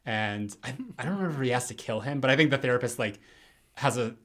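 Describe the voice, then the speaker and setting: A man co-hosting a podcast in casual chat, retelling things in a relaxed way with many fillers. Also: mid-range voice, quick pace. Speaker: podcast co-host.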